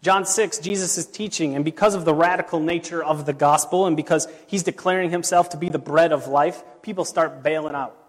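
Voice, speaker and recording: A man, a pastor, preaching a sermon in a relaxed storytelling way with casual asides. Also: on the high side, brisk, few pauses. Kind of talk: conversational sermon. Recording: long reverb of a large hall.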